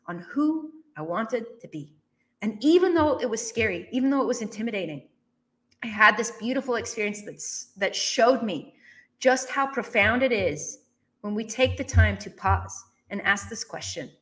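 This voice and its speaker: A woman telling a personal story in a conversational interview, with animated, emphatic delivery. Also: a little high. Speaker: guest. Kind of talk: storytelling in a podcast chat.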